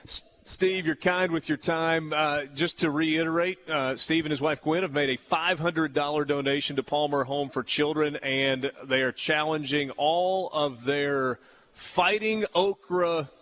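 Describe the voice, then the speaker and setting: A radio talk show host banters playfully with a guest and makes a fundraising appeal from the studio. His voice is a little high and fairly bright, steady in tone and a little slow.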